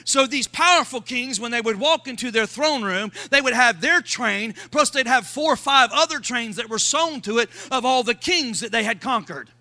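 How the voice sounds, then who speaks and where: A man preaching a sermon as pastor, shouting lines and calling for responses from the congregation. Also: very high voice, animated, normal speed, hardly any pauses.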